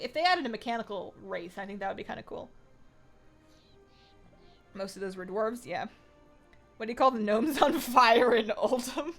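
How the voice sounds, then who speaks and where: Chatty woman streaming a game. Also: a little high. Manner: chatty, thinks aloud, reads viewer chat and answers it, laughs often. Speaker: livestream host playing an online game. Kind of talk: casual gaming livestream chat.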